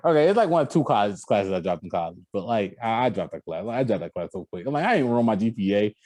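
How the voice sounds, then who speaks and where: A young man co-hosting a sports podcast, chatting in an animated, laughing way, his pitch leaping up and down all the time. The sound is dry and close to the mic, with no room around it. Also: fast talker, dry recording. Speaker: podcast co-host. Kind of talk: casual sports podcast chat.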